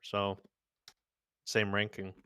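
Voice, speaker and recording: A man's voice: lowish voice, monotone, drawn-out words, fairly bright tone, clean tone. A man taking a casual online go lesson, eager and self-joking as he thinks aloud. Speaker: go student.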